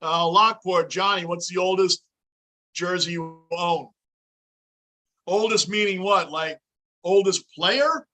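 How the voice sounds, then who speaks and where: A man's voice: high voice, slow, long pauses, pushed and bright. A middle-aged man hosting a fan livestream, chatting casually and reading viewer comments aloud as he reacts to the game. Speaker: livestream host.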